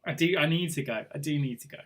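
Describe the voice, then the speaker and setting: A young man hosts a pub quiz, reading questions and drifting into rambling asides with little chuckles. His voice sits a touch higher than most men's. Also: quick pace. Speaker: quiz host. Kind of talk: live online pub quiz hosting.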